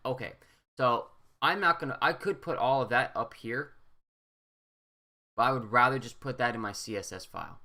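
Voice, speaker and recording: A young male teacher narrates a screen-recorded coding walkthrough in a medium-pitched voice that sounds bright and forceful. He's casual and rambling, frequently checking in with students by asking "right?"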